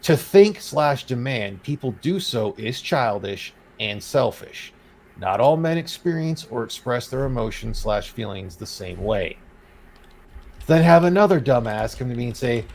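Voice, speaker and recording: A man's voice: medium pitch, lively intonation, unhurried, creaky, darkish tone, rough recording. A man hosting a casual podcast chat, ranting and reading out quotes with a sarcastic edge. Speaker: podcast host.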